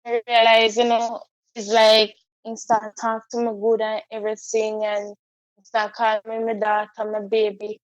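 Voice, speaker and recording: Woman guest, fairly high voice, halting and heartfelt, dull dry lo-fi recording. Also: no room sound. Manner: halting, heartfelt, repeats herself. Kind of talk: personal storytelling.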